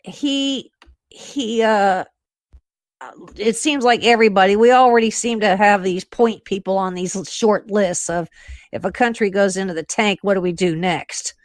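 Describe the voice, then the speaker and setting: A woman hosting a talk radio show, speaking in animated, quick bursts with many fillers. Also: medium pitch, dry recording, clean studio sound. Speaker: radio host and intelligence analyst.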